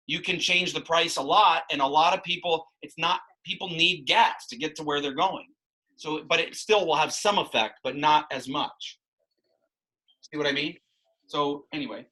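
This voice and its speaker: A man's voice: fairly high pitch, normal speed, bright, forceful tone, rough recording. A man teaching a math class, explaining ideas with frequent restarts and asides. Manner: explanatory, rambling with many restarts. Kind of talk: classroom instruction.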